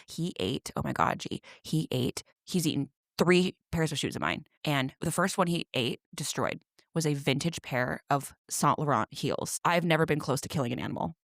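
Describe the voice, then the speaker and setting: A woman's voice: sits low, expressive, normal speed, creaky, no echo, clean studio sound. A young woman co-hosting a podcast, chatting casually and telling stories with dramatic flair. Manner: chatty, dramatic storytelling with acted-out quotes. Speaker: podcast co-host. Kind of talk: casual chat.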